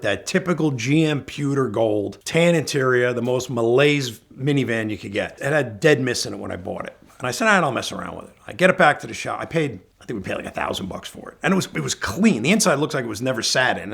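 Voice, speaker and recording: A middle-aged man with a gravelly, husky voice tells a story in a loose, chatty way. He acts out what each person said, switching between his own lines and theirs. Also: mid-range voice, a bit bright. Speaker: guest storyteller. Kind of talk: casual anecdote telling.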